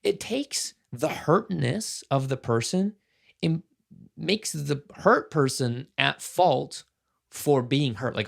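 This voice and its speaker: A man in his thirties hosts his own casual solo podcast, speaking slowly in a somewhat high, gravelly voice with lively intonation. Earnest and impassioned, he thinks aloud and restarts frequently.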